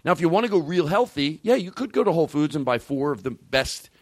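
A man hosting a comedy talk show, rambling and excitable with plenty of swearing. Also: fairly high pitch, fast, no room sound, studio quality. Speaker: host.

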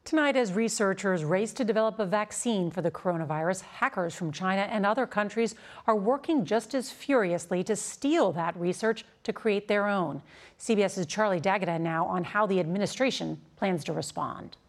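A woman anchoring an evening newscast in a crisp, composed way. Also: medium pitch, moderate pace. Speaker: news anchor. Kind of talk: news anchoring.

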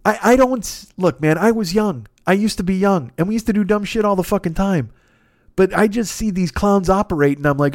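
A man hosting a podcast, telling a comedic story in a profane, animated way and acting out both sides of the dialogue. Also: sits high, brisk, no room sound, studio quality. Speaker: podcast host.

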